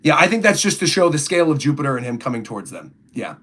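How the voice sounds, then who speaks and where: A man's voice: on the high side, very animated, fast, fairly bright tone, husky. Chatty man on a reaction livestream. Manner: chatty, rambling, reads chat aloud. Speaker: streamer reacting to a comic chapter. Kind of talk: casual livestream commentary.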